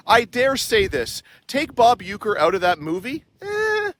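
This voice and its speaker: A man's voice: high voice, lively intonation, moderate pace, a bit bright, slight background noise. A man from Canada, hosting a walking vlog outdoors in a park, playful and joking, repeating his catchphrase. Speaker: vlog host.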